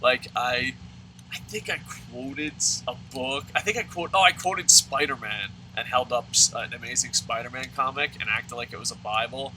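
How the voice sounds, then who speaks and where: A young man tells a rambling, profane story while playing a video game, his voice at an ordinary middle pitch. He talks casually and keeps swearing. A steady hum of background noise sits under the recording. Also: moderate pace, low-quality recording. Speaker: let's play commentator. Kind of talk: casual storytelling over gameplay.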